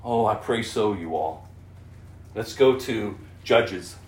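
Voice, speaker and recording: A pastor preaching an impassioned, emphatic sermon, dropping to a hush and then rising to loud. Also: male voice, fairly low pitch, slow pace, roomy sound, recorded from a distance, slight background noise.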